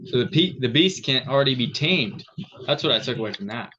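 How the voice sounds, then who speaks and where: A man co-hosting a casual podcast chat, speaking in a halting way as he searches for words, in a dull lo-fi recording. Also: medium pitch, animated, pushed and bright.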